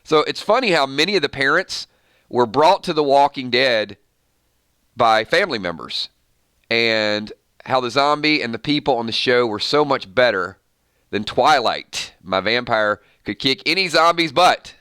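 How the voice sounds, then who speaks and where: Bright-voiced man hosting a casual live stream. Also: medium pitch, animated, normal speed, clear, resonant tone, dry recording, studio quality. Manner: rambling, reads viewer comments, frequent fillers and restarts. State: morning voice. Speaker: YouTube channel host.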